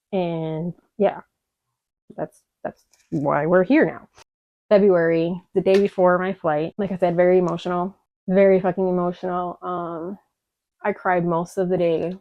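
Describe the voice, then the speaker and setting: A young woman from Chicago tells her story in a candid vlog, emotional and profane, rambling with plenty of fillers. Her voice is on the low side, and the audio is dull, dry, and lo-fi.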